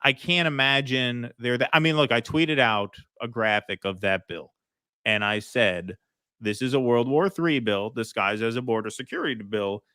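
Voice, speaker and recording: Bright-voiced man hosting a livestream. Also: mid-range voice, normal speed, clear, resonant tone, no echo, clean studio sound. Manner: chatty, thanks donors, many ums and restarts. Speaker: host reading viewer super chats. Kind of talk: casual political livestream chat.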